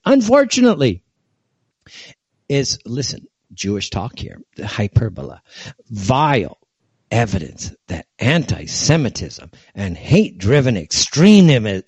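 A male talk radio host delivers a scornful, exasperated monologue, breaking into short laughs along the way. His pitch leaps high and drops low as he rants. The sound is muffled and lo-fi, with a dry, close feel. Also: a little mellow, no room sound.

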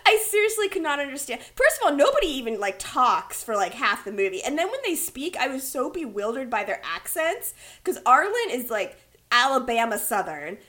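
Lively bright-voiced woman ranting about a movie, laughs a lot. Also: sits high, a little fast. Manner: animated, laughs often, exasperated. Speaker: podcast co-host. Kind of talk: casual movie review chat.

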